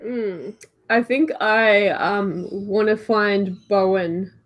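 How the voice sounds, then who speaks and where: A woman's voice: medium pitch, extremely slow. A woman playing a tabletop game, giggly and hesitant with many fillers. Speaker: player. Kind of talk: casual tabletop play.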